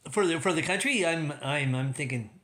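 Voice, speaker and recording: Male livestream host, slightly high bright voice, loose rambling delivery, self-amused. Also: lively intonation, a little fast. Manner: rambling, many restarts, laughs at own jokes. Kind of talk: rambling casual commentary.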